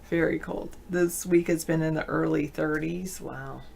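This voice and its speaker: Chatty woman host, slightly low voice, answers viewer comments out loud with easy laughs. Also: steady tone, measured pace, gravelly, slight background noise. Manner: laughs often mid-sentence. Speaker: show host. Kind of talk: casual live video-chat talk.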